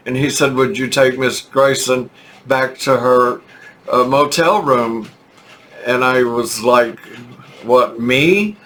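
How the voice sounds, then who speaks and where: An older man from Texas with a Texan accent, telling a rambling, halting story with chuckles in a casual vlog. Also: medium pitch, fairly bright tone, a little hiss or hum. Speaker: vlogger.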